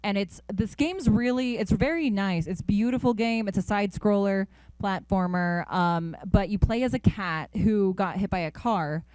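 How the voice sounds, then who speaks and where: Upbeat young woman, dry close mic, animated interview guest. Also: mid-range voice, normal speed, few pauses, smooth, dry recording. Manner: animated, upbeat, lots of fillers. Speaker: voice actor guest. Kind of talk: casual interview chat. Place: convention interview.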